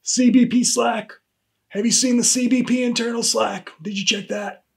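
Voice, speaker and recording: A man's voice: very high voice, steady tone, moderate pace, gravelly. A man plays a weary human resources supervisor scolding an employee in a comedy sketch. He talks in a dry, pointed way and keeps repeating the employee's name. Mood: exasperated. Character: exasperated male HR supervisor.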